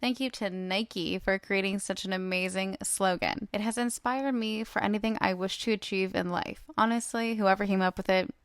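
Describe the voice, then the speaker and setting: A young woman talks through her solo podcast in a chatty, upbeat way, peppered with fillers. Her voice carries a gravelly fry at the ends of phrases. The recording is dry and close. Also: mid-range voice, steady tone, moderate pace, hardly any pauses, no room sound. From United States. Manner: chatty and upbeat, many fillers, laughs often. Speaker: podcast host.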